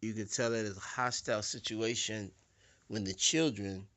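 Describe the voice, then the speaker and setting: A man giving a preaching-style lecture, deliberate and repetitive, swelling louder to stress his points. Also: on the low side, steady tone. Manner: deliberate, repeats words, swells louder for emphasis. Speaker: speaker giving a talk.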